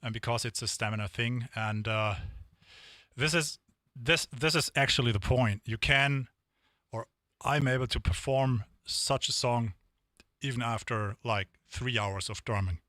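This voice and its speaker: A man's voice: medium pitch, measured pace, pushed and bright, no echo, clean studio sound. A man streaming drum sessions, chatting casually and rambling to viewers between songs. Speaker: drumming live streamer.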